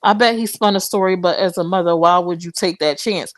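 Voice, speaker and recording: A woman's voice: lowish voice, brisk. A young adult woman hosting a live stream, talking straight to her viewers in impassioned, preachy casual commentary.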